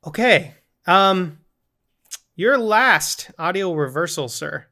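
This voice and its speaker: Bright-voiced man hosting a podcast quiz. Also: high voice, lively intonation, slow. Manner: playful, reads quiz options aloud. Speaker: podcast co-host running the game segments. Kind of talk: casual game-show podcast chat.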